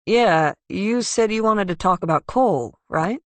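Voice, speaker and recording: Read by a woman narrator, a laid-back teenage guy talks in a relaxed, amused way. The recording is close and dry. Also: medium pitch, unhurried, dry recording, lightly acted. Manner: easygoing, amused. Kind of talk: audiobook character reading.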